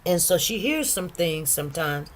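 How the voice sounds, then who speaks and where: A woman's voice: on the low side, moderate pace. A woman hosting a casual live chat, reading out viewer comments and telling stories in a chatty, earnest way. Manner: chatty, animated, exclaims over food; soft-spoken, earnest storytelling.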